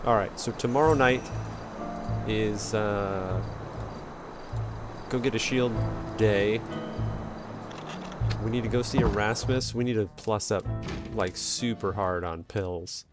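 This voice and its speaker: A man's voice: on the low side, takes it slowly, long pauses, over music. A man streaming a video game, giving casual, joking, self-mocking commentary as he plays. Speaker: let's play streamer.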